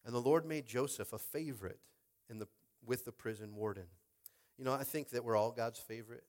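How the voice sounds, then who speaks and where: A man preaching a lively sermon, often asking the crowd "Are you with me?". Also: medium pitch, brisk. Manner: animated preaching, repeated "Are you with me?" call-outs. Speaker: pastor.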